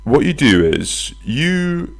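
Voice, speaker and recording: A man hosting his own podcast, chatting casually from his flat, telling stories with silly voices and some swearing. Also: fairly high pitch, takes it slowly, creaky. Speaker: podcast host. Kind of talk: casual solo podcast chat. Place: flat near a bus stop.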